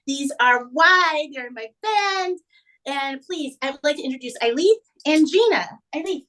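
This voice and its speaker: A woman's voice: sits high, animated, measured pace, pushed and bright, low-quality recording. A woman from Detroit, a band's lead singer, talking boldly and theatrically in a radio interview. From Detroit, United States. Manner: bold, theatrical, playful bragging.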